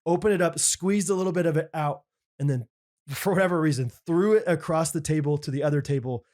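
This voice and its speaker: A man in his thirties with a slightly raised voice co-hosts a casual podcast. He tells stories with lively energy and jumps into bold voices for the people he quotes. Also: on the high side, fast. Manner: animated storyteller, acts out quotes loudly. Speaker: podcast co-host. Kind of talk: casual chat, storytelling.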